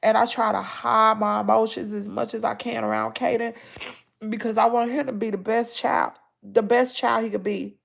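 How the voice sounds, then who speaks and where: A woman's voice: fairly high pitch, fairly even intonation, normal speed, vocal fry, slight background noise. A middle-aged woman with a Southern accent, crying and stuffed up, talking heartfelt to her viewers. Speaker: family vlogger. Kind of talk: emotional livestream talk to viewers.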